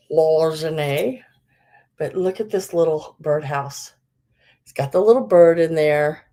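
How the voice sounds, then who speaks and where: A woman's voice: sits low, warm tone. A middle-aged woman hosting a live vintage sale, chatting casually with many fillers and laughing at herself. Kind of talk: casual live-stream selling.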